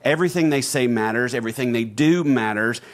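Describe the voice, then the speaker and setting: A man's voice: mid-range voice, brisk. A middle-aged man hosting a podcast, giving earnest advice in a casual teaching way and leaning into his key points. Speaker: podcast host.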